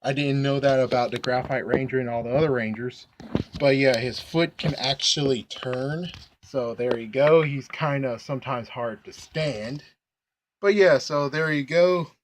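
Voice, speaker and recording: A man's voice: mid-range voice, unhurried, a little hiss or hum. A young man casually reviewing an action figure, chatty and rambling with lots of asides. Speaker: toy reviewer. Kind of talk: casual toy review vlog.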